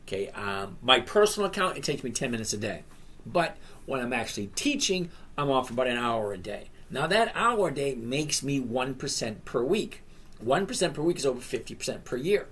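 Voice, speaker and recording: A man's voice: mid-range voice, big pitch swings, fairly quick, fairly bright tone, husky. A man in his sixties hosting a casual live stream, reading viewer questions aloud and answering each by name in a rambling, chatty way. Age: 60s.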